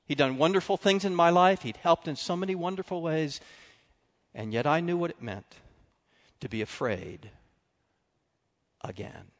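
A man preaching a sermon, telling stories with animated swings between loud and quiet. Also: a little high, normal speed, long pauses. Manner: animated storytelling, drops to quiet confessional tones. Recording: long reverb of a large hall.

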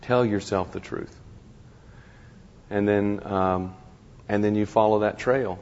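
A man with a low, gravelly voice gives an informal lecture, talking conversationally and stumbling over restarts while slipping in wry jokes at his own expense. The recording is dull and lo-fi, and it carries a long reverb from a large hall. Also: steady tone, darkish tone. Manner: conversational, halting restarts, wry self-deprecating humor. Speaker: guest speaker to a ministry class.

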